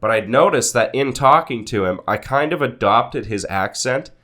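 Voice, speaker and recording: Young guy cohosting a podcast, rambly and jokey, pitch bouncing all over. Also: lively intonation, moderate pace. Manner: rambling, jokey, laughs loudly. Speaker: podcast co-host. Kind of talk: casual chat.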